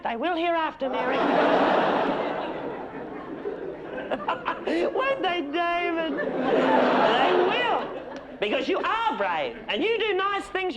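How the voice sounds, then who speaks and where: A man fully commits to a very high-pitched character voice as a gushing, patronizing middle-aged Australian housewife superstar in a live comedy stage show, trading backhanded compliments with the crowd. The theatre recording is very noisy, with a loud audience.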